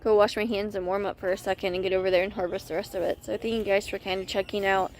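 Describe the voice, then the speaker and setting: A woman's voice: medium pitch, little pitch movement, fast talker, slight background noise. A woman chatting casually through a garden vlog outdoors, a little out of breath, correcting herself as she goes. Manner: chatty, self-correcting, friendly. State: slightly out of breath. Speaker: gardening vlogger.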